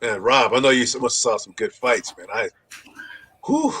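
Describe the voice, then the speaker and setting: A man's voice: medium pitch, moderate pace, husky. A man hosting a casual chat, telling stories with lots of swearing. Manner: animated, swears a lot, acts out quoted people. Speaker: podcast host.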